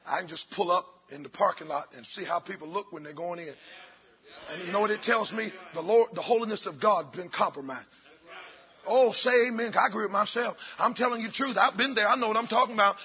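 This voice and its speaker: High-voiced shouting Baptist preacher. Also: male voice, a little fast, highs cut off. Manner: swings between shouting and low murmurs. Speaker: pastor. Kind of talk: fiery sermon.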